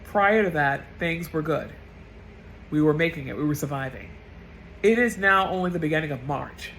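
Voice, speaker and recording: A woman vlogger getting over a cold speaks in a blunt, profane, emotional rant. Her voice has a gravelly, fry-heavy edge. A faint hiss of noise sits under the recording. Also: deep voice, lively intonation, normal speed, fairly bright tone, low-quality recording. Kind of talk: impassioned political rant.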